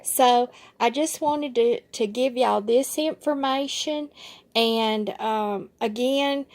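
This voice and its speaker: A woman's voice: on the high side, takes it slowly, a little mellow. A woman with a Southern US accent talking casually to her viewers in a rambling, folksy, heartfelt way. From southern United States. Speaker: vlogger. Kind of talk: casual chat to camera.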